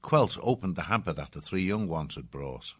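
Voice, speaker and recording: A man narrating a storybook in a measured, even manner. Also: low-pitched, husky, dry recording, clean studio sound. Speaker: audiobook narrator.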